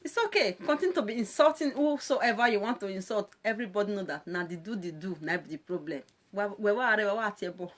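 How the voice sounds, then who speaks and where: A woman's voice: mid-range voice, expressive, quick pace, hardly any pauses. A woman with a Nigerian accent, a social media presenter ranting on a live video, mocking and scolding her callers and laughing often between lines.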